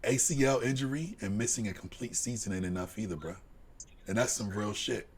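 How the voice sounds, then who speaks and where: A man co-hosting a live sports podcast, delivering a heated, profane rant that drops to low mutters and climbs to shouts. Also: a little fast, husky. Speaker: podcast co-host.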